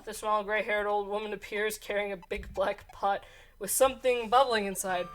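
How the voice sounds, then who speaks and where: A woman's voice: mid-range voice, steady tone, moderate pace, fairly bright tone, soft background music. A woman running a gamebook adventure as game master, reading aloud casually and laughing between lines.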